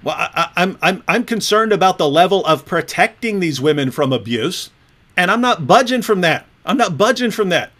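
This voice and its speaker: A man hosting a casual livestream, talking in an animated way with frequent restarts. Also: high-pitched, normal speed. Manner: animated, repeats words and restarts often. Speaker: host.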